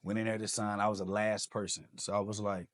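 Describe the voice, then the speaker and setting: Lower-voiced man telling a lively personal story. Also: fast. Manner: animated, acts out quoted dialogue. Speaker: podcast guest.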